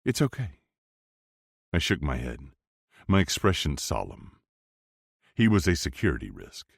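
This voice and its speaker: A man narrating a first-person romance audiobook in a low, steady, intense delivery. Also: normal speed, creaky, slightly rough, no room sound, clean studio sound.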